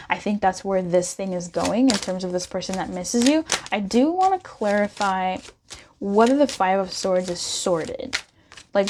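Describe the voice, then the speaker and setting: A woman doing a casual pick-a-card tarot reading, chatty and expressive as she talks straight to the viewer. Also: medium pitch, background noise. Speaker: tarot reader.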